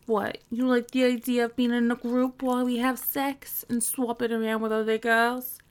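A woman's voice: on the high side, level tone, moderate pace, smooth, lightly acted. A woman playing a giggly, teasing young woman. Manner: teasing, giggly, mock-scolding. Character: teasing, bossy young woman on a phone call. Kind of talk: scripted audio role-play.

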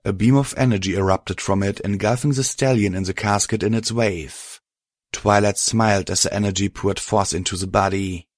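A man narrating a story with a steady, dramatic reading. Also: fairly low pitch, normal speed, no echo, studio quality.

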